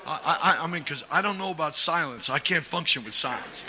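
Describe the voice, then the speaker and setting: A folksy middle-aged preacher with a high, sharply bright voice. He tells stories in a quiet, humorous way, then rises to shouted exhortation. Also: animated, a little fast. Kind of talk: sermon with storytelling.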